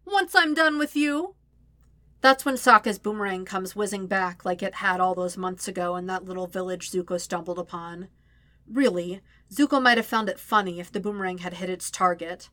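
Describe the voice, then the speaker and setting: A woman reading a story aloud as narrator, with steady, even storytelling. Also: fairly low pitch, fairly quick, dry recording. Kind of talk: audiobook-style fan fiction reading.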